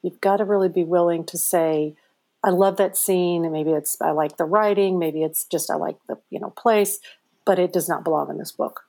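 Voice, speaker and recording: A middle-aged woman, an author being interviewed, telling her story in a chatty, animated way with many fillers. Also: on the low side, moderate pace. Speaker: author guest. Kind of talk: conversational interview answers.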